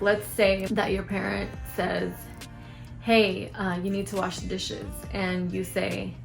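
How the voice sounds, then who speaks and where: A young woman vlogger with a medium-pitched, creaky voice talks frankly to the camera. She's animated as she gives advice, acting out quoted lines of dialogue.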